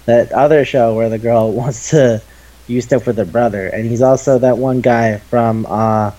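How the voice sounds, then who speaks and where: A man in his twenties co-hosting a casual chat podcast, excitable and quick to swear. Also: medium pitch, muffled recording. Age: 20s. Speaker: podcast co-host. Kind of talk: casual chat about anime.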